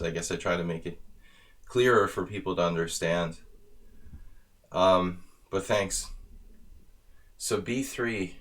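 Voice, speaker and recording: An American man from near Philadelphia, streaming live blitz chess commentary, thinking aloud about moves with wry asides. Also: low-pitched. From near Philadelphia, USA.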